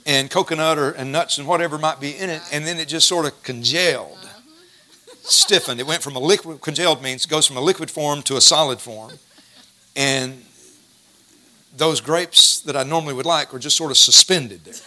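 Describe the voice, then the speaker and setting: Bright-voiced folksy preacher man. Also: on the high side. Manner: folksy, storytelling, slows to stress scripture. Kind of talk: sermon.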